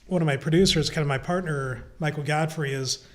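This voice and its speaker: A middle-aged man from Iowa talks through his filmmaking stories in a casual interview, relaxed and unhurried. His voice sits a little high for a man, and he laughs lightly as he goes. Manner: relaxed storytelling with frequent chuckles. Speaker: filmmaker guest.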